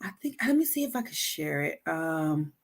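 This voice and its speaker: A woman hosting a casual talk on healthy communication, speaking straight to her listeners, animated and stumbling into frequent restarts and repeated words. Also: deep voice, normal speed. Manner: addresses listeners directly. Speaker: podcast host.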